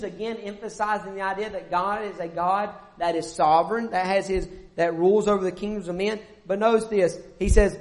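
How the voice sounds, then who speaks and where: A man preaching a sermon, emphatic and repetitive, with pauses and self-corrections. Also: sits high, steady tone.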